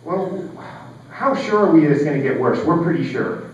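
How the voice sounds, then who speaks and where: A geological scientist in his forties gives a keynote in a large hall, talking conversationally with plenty of fillers and wry asides. His voice is on the high side, animated and moderately paced, and the recording sounds echoey, distant and dull.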